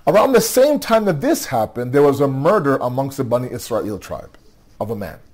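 Tired man, mid-pitch voice, preaching a story in a chatty way, restarts phrases a lot. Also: big pitch swings, normal speed, darkish tone. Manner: conversational storytelling, frequent "okay?" check-ins and repeated restarts. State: tired, yawning. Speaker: religious speaker. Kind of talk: nightly religious storytelling talk.

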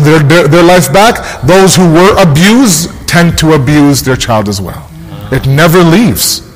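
A man preaching a sermon as an imam, earnest and emphatic, hammering his points home by repeating key phrases. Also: sits high. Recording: long hall reverb.

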